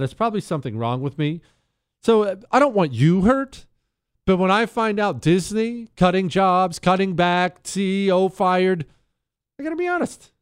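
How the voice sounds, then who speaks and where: A man hosting a talk radio show, riffing in an animated, sarcastic monologue. His voice is smooth and resonant, recorded close on a dry studio mic with no room sound. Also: no echo. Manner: animated, sarcastic, jumps to high silly voices and sound effects. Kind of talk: opinionated casual monologue.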